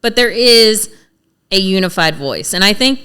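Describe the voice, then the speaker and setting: Blunt, animated woman with a bright, crisp voice. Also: medium pitch, a little slow. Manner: blunt, animated storyteller acting out lawmakers' lines. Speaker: cannabis policy advocate guest. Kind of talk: casual podcast conversation.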